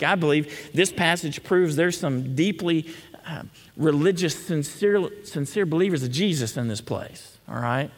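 A pastor preaching a conversational sermon in a church, often checking in with the congregation. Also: male voice, on the high side. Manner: conversational, frequent "okay?" check-ins. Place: church sanctuary. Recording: long hall reverb.

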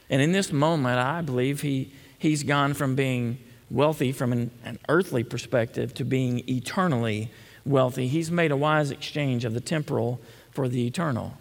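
A pastor preaching a conversational sermon in a church, often checking in with the congregation. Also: male voice, fairly high pitch, creaky. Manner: conversational, frequent "okay?" check-ins. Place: church sanctuary. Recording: long hall reverb.

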